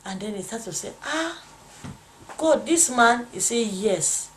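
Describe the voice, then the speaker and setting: A woman's voice: a little high, animated, measured pace, slight background noise. A woman preaching a testimony, fervently acting out voices of God and the devil as she recounts a vision. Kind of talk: testimony sermon.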